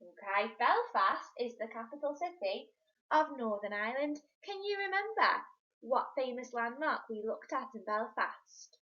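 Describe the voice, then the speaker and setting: A woman teaching a remote lesson to young children, slow and encouraging, in a sing-song teacher's voice. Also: fairly high pitch, lively intonation, sharp tone. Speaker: primary school teacher. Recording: dull lo-fi sound.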